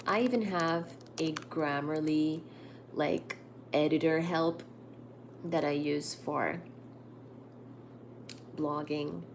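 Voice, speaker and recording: A woman's voice: low voice, steady tone, takes it slowly, long pauses, a little hiss or hum. A woman hosting a casual live stream from home, chatting with viewers and reading their comments aloud. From India. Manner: chatty, reads viewer comments aloud, coos at her cat. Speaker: livestream host. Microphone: laptop.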